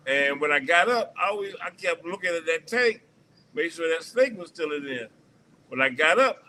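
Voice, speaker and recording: Bright-voiced man telling a wild story. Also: fairly high pitch, slight background noise, low-quality recording. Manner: profane, rambling, restarts often. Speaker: stream host. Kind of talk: casual storytelling on a livestream.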